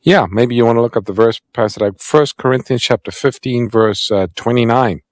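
A man's voice: medium pitch, a little fast, no echo, clean studio sound. A man co-hosting a Bible call-in radio show as a pastor, giving out the number and bringing on callers. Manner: lively, gives phone numbers and takes callers.

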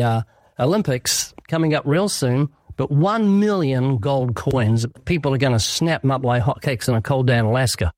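A man, a guest on a radio talk show, telling stories quickly and with animation. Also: medium pitch, dry recording, clean studio sound. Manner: fast, animated storyteller. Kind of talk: radio interview storytelling.

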